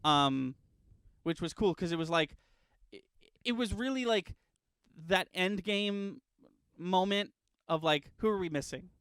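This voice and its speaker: A man's voice: sits high, animated, a little slow, a bit bright, clear, resonant tone, no room sound. A young man co-hosting a casual podcast chat, rambling and hesitant with many fillers and laughs. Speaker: podcast co-host.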